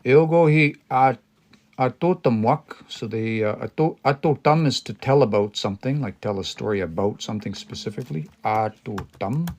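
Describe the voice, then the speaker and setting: A man's voice: medium pitch, normal speed, darkish tone. A man teaching a language on a livestream, thinking aloud and explaining word by word, with many restarts and hesitations.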